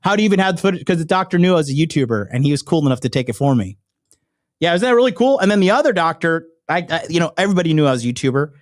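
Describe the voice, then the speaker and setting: A man's voice: fairly high pitch, expressive, rapid-fire, no echo, clean studio sound. Rambling, profane male YouTuber. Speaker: online dating coach and YouTuber. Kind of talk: casual direct-to-camera chat.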